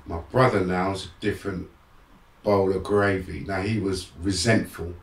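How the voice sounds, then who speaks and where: A middle-aged motivational speaker, here as a guest, relates his life story with frank, streetwise candor. His low voice runs at normal speed through a distant mic in an echoey room, and he becomes animated during re-enactments.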